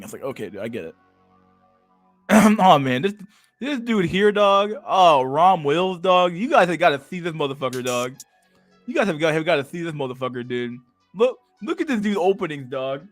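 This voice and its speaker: A man's voice: a little high, big pitch swings, normal speed, soft background music. A man streaming casual reaction commentary on videos, with crude slang, frequent laughter, and a habit of calling his viewers dog and bro.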